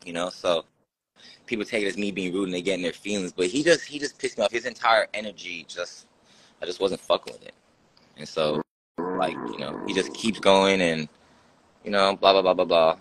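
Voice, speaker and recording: A man's voice: deep voice, a little fast, fairly bright tone, slight background noise. A man hosting a live stream, talking bluntly and profanely in casual chat, mocking others as he quotes them.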